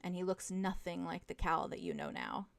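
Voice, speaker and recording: A young woman runs a tabletop game as game master and tells the scene to her players in the second person. Her delivery is hushed and dramatic, and her voice sits low with a gravelly fry. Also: wildly swooping pitch, normal speed.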